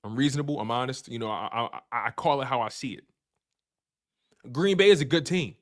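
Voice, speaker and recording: Guy hosting a sports talk stream, loud fan banter, keeps repeating himself, medium voice. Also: mid-range voice, a little fast. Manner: repetitive, hyped, trash-talking fan banter. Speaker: sports show host. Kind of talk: animated sports talk livestream.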